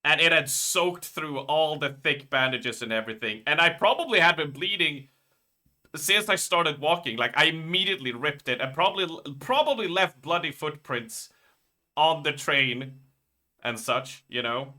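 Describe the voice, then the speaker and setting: Bright-voiced man rambling on stream. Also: fairly high pitch, expressive, moderate pace. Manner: rambling, profane storytelling. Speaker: live streamer. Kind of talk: casual live-stream chat.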